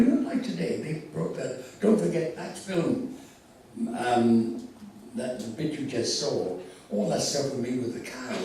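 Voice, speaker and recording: Older man, theatrical anecdotes, distant mic, very echoey hall, faint noise. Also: fairly high pitch. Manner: theatrical, animated storyteller with laughs. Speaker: convention guest. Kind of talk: anecdotal storytelling. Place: convention hall.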